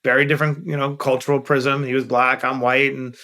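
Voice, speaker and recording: A man's voice: medium pitch, level tone, fairly quick, pushed and bright. A middle-aged man from Queens, candidly telling stories as a guest on an interview podcast. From Queens, New York. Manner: candid, earnest storyteller who stresses key points. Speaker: guest investor.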